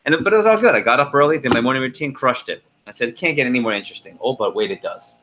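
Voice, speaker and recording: A middle-aged man leading a team conference call, telling a lively story with laughs and then going through the agenda. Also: medium pitch, racing, noisy background.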